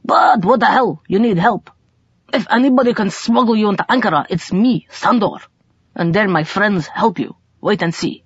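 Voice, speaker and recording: A woman's voice: medium pitch, normal speed, husky, no room sound, dull audio, voice pushed up, natural voice. A woman voicing a brash, streetwise male smuggler who talks in blunt, broken English with a swagger. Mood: firm.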